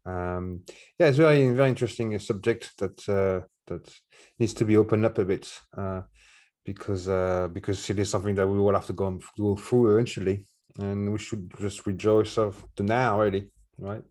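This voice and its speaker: A man from France with a French accent, co-hosting a podcast in a relaxed, hesitant way. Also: lowish voice, normal speed. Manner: relaxed and hesitant, with many "uh" fillers. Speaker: podcast co-host. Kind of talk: casual chat.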